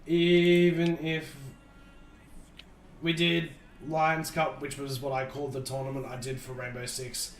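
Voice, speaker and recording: He speaks in a monotone at a measured pace, his voice on the high side and picked up off-mic in an echoey space with faint background noise. As host of a casual livestream podcast, he thinks aloud and rambles with frequent restarts.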